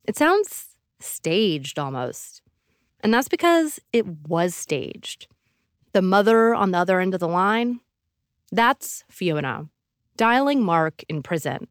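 A woman hosting a podcast, giving measured, dramatic scripted narration. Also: medium pitch, big pitch swings, no room sound, clean studio sound. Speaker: podcast host.

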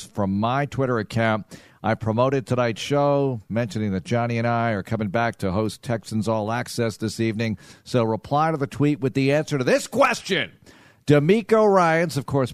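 A man's voice: medium pitch, no room sound. A male sports radio host talks in an easy, conversational way, moving between football talk and contest details. His voice sits in the middle range, and the studio sound is close and dry. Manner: conversational, runs promos and questions. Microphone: studio microphone.

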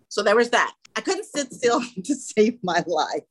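Earnest woman telling animated stories. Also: a little high, normal speed, hardly any pauses, low-quality recording. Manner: earnest, animated storytelling with quoted dialogue. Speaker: small school or daycare founder. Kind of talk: casual interview chat.

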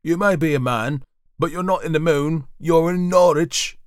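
A man voicing a stern, severe magistrate who fires off brisk, scolding questions in a storybook reading. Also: mid-range voice, animated, no echo, studio quality, voice pushed up, lightly acted.

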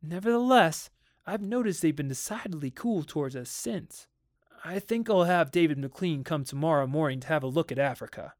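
A man gives voice to a worried father in a spoken storybook. He sounds stern and exasperated, and his outbursts turn sharp. The voice sits a little high, with a close, dry sound. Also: expressive, normal speed, no room sound, close to an everyday voice. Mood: uneasy. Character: anxious wealthy father, stern and uneasy. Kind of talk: dramatic audiobook reading.

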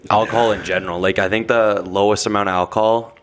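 A young man on a podcast with friends, chatting casually with dry, deadpan remarks. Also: on the low side, quick pace, noisy background. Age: young adult. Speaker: podcast co-host. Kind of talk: casual chat among friends.

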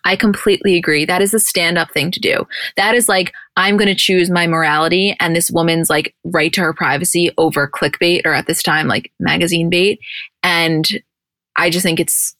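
A woman's voice: lowish voice, fairly even intonation, moderate pace, fairly bright tone, no echo. A woman co-hosting a podcast, casually recapping TV scenes and acting out the dialogue as she goes. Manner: chatty, retells scenes with quoted dialogue. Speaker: podcast co-host.

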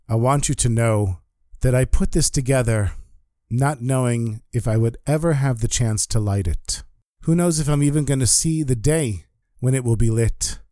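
A man gives voice to a doomed father's wartime plea, solemn and begging. The tone is mellow and dark, recorded close and dry. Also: mid-range voice, no echo, natural voice.

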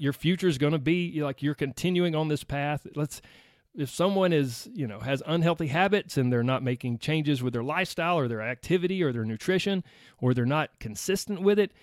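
A man's voice: a little high, no room sound, clean studio sound. A man with a Southern US accent hosting his own weight loss podcast, chatty and upbeat, talking straight to his listeners. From United States. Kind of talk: solo podcast monologue.

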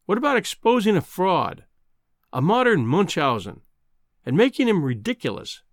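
A man voicing a brisk older male newspaper news editor, dry and clipped with a teasing edge. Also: high-pitched, sing-song, dry recording. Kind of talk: audiobook character reading.

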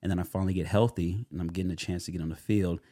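A young adult man, a guest in a casual interview, telling his story in an animated way with lots of fillers and acted-out quotes. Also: low voice, very fast, dry recording, clean studio sound. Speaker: guest, actor.

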